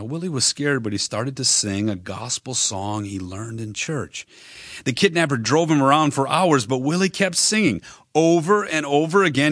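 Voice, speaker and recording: A man delivers a sermon in a bright, clear voice, earnest and measured. He addresses the listener directly, slowing down on key phrases for emphasis. The sound is dry and close, with no room around it. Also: medium pitch, no room sound. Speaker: preacher.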